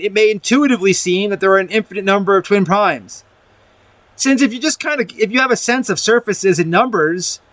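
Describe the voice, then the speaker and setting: A man with a fairly high voice walks through a math proof in a loose, conversational way, backing up and restarting his sentences as he goes. He reads from his notes and then adds comments of his own. The recording is dry and close, with no room sound. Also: no echo. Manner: rambling, restarts often, reads from a document and comments. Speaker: math video presenter. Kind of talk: casual explanatory math lecture.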